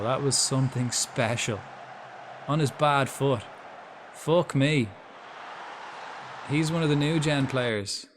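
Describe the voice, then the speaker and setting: A man's voice: medium pitch, a little hiss or hum. A young Irish man chatting casually while streaming a football management game, reacting aloud and swearing freely. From Ireland. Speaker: gaming streamer. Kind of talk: casual live-stream commentary.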